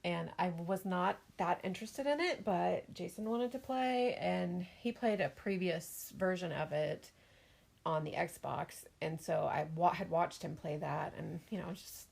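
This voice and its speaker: Gravelly-voiced middle-aged woman chatting. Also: on the low side, unhurried, a little mellow. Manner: chatty, laughs often, self-mocking. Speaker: podcast co-host, mother. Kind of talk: casual chat.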